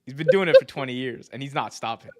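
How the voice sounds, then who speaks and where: Animated, slangy male podcast host. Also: medium pitch, fast. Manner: animated, laughs often, slangy. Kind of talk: casual wrestling podcast chat.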